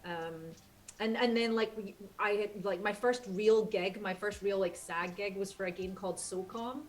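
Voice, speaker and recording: A woman's voice: medium pitch, steady tone, normal speed. A woman with a Scottish accent, a voice actor, telling a rambling, chatty story with frequent self-corrections. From Scotland. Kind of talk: casual storytelling.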